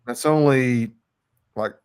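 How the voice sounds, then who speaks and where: A man co-hosting a podcast, a cattle rancher in casual chat, relaxed and rambling with lots of fillers and restarts. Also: medium pitch, takes it slowly, clean tone.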